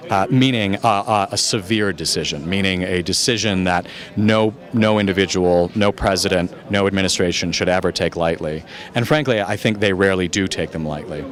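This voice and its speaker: After a film screening, an American journalist with a low-sitting voice fields audience questions. He answers in a calm, measured, thoughtful way, sometimes searching for the right words.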